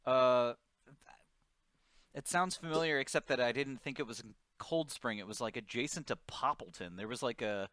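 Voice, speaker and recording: Man, Baltimore accent, sarcastic, bright crisp voice, dry close sound. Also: mid-range voice, moderate pace, no room sound. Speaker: podcast co-host. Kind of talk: casual comedic chat.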